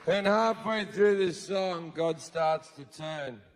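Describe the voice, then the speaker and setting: A man with an Australian accent performing a profane stand-up comedy set on a theater stage, acting out characters with shouting. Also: high voice, slow pace, noisy background. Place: large theater stage with a live audience. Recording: live hall recording with audience.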